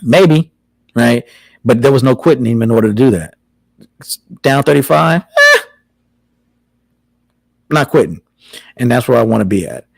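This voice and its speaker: Gravelly-voiced man hosting a talk show. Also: mid-range voice, sing-song, normal speed, pauses often, no room sound, rough recording. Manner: rambling, conversational, with filler words. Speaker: podcast host. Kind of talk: casual call-in talk show.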